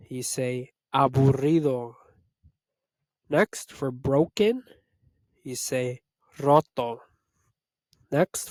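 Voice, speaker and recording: A man runs through a vocabulary list at a very unhurried pace, pausing between each word. His voice sits at an ordinary middle pitch. The sound is dry and close, with no room around it. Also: dark tone, dry recording. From United States. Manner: slow, deliberate word-by-word drilling. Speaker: Spanish tutor. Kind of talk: slow vocabulary lesson.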